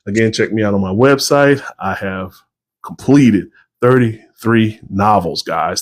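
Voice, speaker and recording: A man's voice: lowish voice, measured pace, no room sound. A man, a novelist, chatting casually to viewers on a livestream, rambling and tired.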